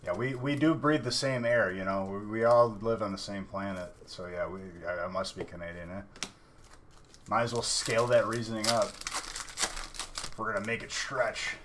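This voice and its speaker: A man's voice: fairly low pitch, moderate pace, fairly bright tone. A man hosting a live card-opening stream, chatting casually and teasing his viewers. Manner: joking, teasing chat viewers. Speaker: livestream card breaker.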